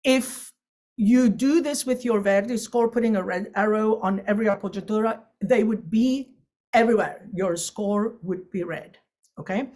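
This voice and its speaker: A woman teaching an online opera lesson, explaining with quick asides and breaking into sung and recited Italian examples. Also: mid-range voice, mellow.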